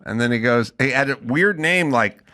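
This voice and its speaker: A man's voice: medium pitch, normal speed. A middle-aged man hosting a podcast, telling stories casually and acting out both sides of his conversations. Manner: animated storyteller, acts out both sides of phone calls. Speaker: podcast host. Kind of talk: casual chat.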